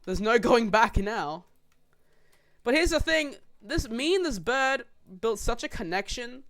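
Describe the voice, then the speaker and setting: Young podcast co-host, loose and rambling storyteller, swears and laughs a lot, mid-pitched voice. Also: expressive, a little slow, a bit bright. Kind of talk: casual storytelling chat.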